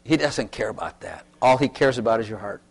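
A man's voice: on the low side, expressive, brisk, gravelly, slightly rough. A man pastor preaching a sermon and calling for testimonies, talking in an emphatic way that repeats its points.

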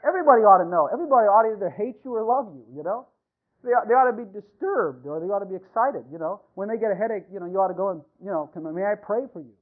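High-voiced pastor preaching over tinny audio. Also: male voice, very fast. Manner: animated, talks to the congregation, many fillers. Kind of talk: sermon. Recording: tinny phone-like radio sound.

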